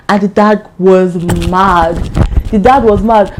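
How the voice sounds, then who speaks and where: A young woman with an African accent, casually telling a true crime story as a vlogger, chatty and animated with asides. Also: medium pitch, normal speed, slight background noise.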